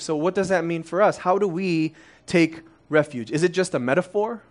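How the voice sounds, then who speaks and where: A man's voice: sits high, lively intonation, normal speed. A man in his thirties, originally from Korea, preaching a conversational sermon full of rhetorical questions. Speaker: pastor.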